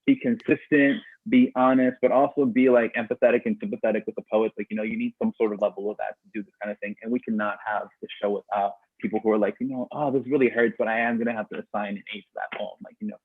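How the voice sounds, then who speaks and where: A man's voice: on the low side, steady tone, fast, hardly any pauses, slightly rough, no room sound. Rambling man hosting a slam, tinny sound. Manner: rambling, full of fillers and tangents. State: losing his voice. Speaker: slam host. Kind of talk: casual livestream hosting. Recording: dry tinny phone-like sound.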